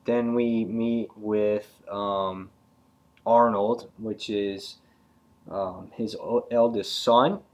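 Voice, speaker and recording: A man's voice: on the low side, steady tone, drawn-out words, a little mellow, lo-fi sound. A man casually reviewing a comic book, rambling with frequent fillers and restarts.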